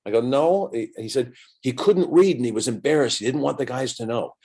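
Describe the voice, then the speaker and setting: Animated man telling a story. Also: mid-range voice, brisk. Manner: animated storyteller acting out both sides of conversations. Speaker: guest entertainer. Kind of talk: casual anecdote telling.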